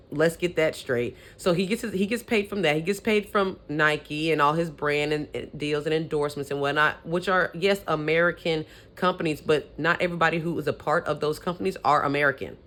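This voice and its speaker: A woman's voice: deep voice, a bit bright. A young adult woman vlogging, giving sassy, opinionated sports commentary with petty trash talk.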